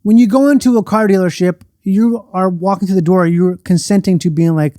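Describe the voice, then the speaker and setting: A man's voice: high-pitched, fairly quick, few pauses, dark tone, no echo, clean studio sound. A man chatting casually as a podcast guest, rambling and jokey, poking fun at himself. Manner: rambling, jokey, self-mocking. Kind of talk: casual chat.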